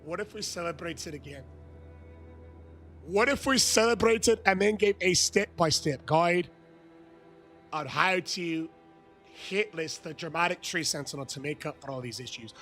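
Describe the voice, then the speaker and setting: A man live-streaming a game, chatting with viewers, shouting excited greetings and swearing. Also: a little high, measured pace, pauses often, faint music behind. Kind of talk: live-stream chat while gaming.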